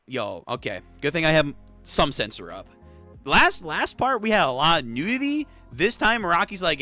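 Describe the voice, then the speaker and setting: Excitable young man, lively swearing reactions. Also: a little high, a little slow, faint music behind. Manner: excitable, swears a lot, laughs often. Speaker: manga read-through host.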